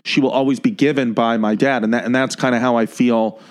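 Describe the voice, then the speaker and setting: Profane, animated New comic storyteller. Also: male voice, mid-range voice, fairly quick. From New York City. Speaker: comedian guest. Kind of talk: casual podcast storytelling.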